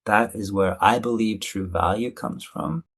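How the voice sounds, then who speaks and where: A man being interviewed as a communication coach, speaking in an animated, conversational way. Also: on the low side, measured pace, husky. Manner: animated, playfully acts out quoted voices.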